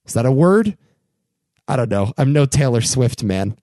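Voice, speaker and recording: A young man hosting his own podcast, talking casually and getting worked up into animated rants about pop culture. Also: normal speed, dry recording, clean studio sound. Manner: animated, ranting, rising pitch when worked up. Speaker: podcast host. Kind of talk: casual solo podcast commentary.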